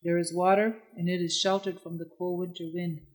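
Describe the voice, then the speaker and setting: A storyteller voicing a wise, kindly male eagle who speaks calmly and reassuringly in a storybook tale. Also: mid-range voice, fairly quick, natural voice, poor audio. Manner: calm, gentle and reassuring. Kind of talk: storybook narration.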